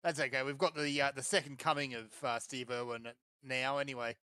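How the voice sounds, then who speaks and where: A man's voice: mid-range voice, little pitch movement, fairly quick, pushed and bright, clear, resonant tone, no echo. A man, chatting casually as a podcast co-host, easygoing and plainspoken. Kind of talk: casual chat.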